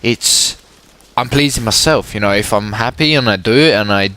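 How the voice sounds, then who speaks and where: A man's voice: on the low side, moderate pace, bright, forceful tone. A young man giving casual gameplay commentary, rambling along and often stammering and repeating his words. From England. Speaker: gaming commentator.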